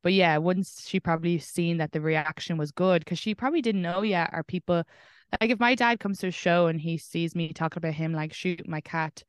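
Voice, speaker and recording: A woman's voice: lowish voice, fairly quick, clean tone, no echo, studio quality. A young Irish woman comedian chatting candidly in an interview, swearing casually. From Ireland. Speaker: comedian guest.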